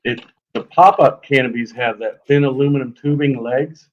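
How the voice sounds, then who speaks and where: Guy telling a story on a show, all animated, sound kinda dull and lo-fi. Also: mid-range voice, moderate pace. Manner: animated, lively retelling with fillers and sound effects. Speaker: guest telling an encounter story. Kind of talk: casual storytelling on a live show.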